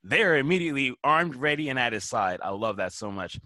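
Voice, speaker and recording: A man's voice: mid-range voice, a little fast, dry recording. A man on a casual film podcast, animatedly retelling movie scenes and swearing casually. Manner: animated, acts out movie lines in quoted voices, swears casually.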